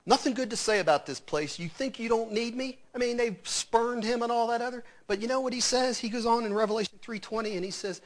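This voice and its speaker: A man preaching a sermon, swinging between loud emphatic lines and hushed, quiet asides. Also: very high-pitched, fast, few pauses.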